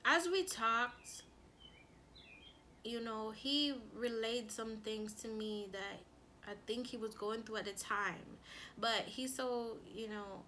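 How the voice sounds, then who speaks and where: A woman who is a mother, chatting casually through a storytime, animated and full of "like" and her own quoted thoughts. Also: on the high side, slow, slight background noise. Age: adult with a son. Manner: animated, lots of "like" and quoted self-talk. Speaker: relationship coach and vlogger.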